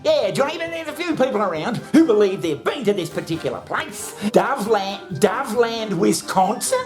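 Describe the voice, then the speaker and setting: A man's voice: high-pitched, sing-song, normal speed, faint music behind. A man hosting a comedy show, bantering crudely with himself, swearing and laughing at his own jokes. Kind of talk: comic monologue, bantering with himself.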